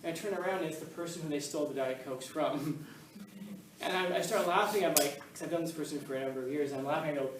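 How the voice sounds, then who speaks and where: A man's voice: fairly high pitch, fast, a little hiss or hum. A man teaching a class on philosophy, telling stories animatedly and acting out voices along the way. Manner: animated storytelling, acts out voices in anecdotes. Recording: echoey room, mic at a distance.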